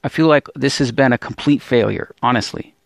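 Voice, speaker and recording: A man's voice: medium pitch, fairly quick, gravelly, no echo, clean studio sound. A man hosting a religious video channel, speaking in a discouraged, pleading monologue full of stammered restarts and repeated appeals. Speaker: Bible teacher and channel host. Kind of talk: emotional religious vlog monologue.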